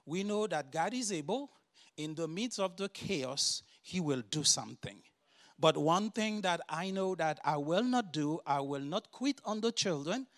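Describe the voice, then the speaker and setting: Haitian-accented male preacher, fairly high voice, earnest sermon delivery that rises to forceful emphasis. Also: lively intonation, unhurried. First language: French. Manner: earnest, builds to loud emphatic declarations. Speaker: guest preacher and doctor.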